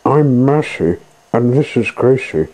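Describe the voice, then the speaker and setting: A man's voice: mid-range voice, lively intonation, measured pace, a little mellow, pitched above the performer's own voice, poor audio. A man voicing a polite male tractor in a children's story, speaking earnestly.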